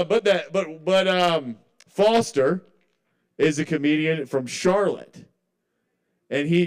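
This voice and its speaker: A man's voice: medium pitch, smooth. A man performing a rambling, conversational stand-up set at an open mic, often trailing off mid-thought. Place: live kava bar open mic.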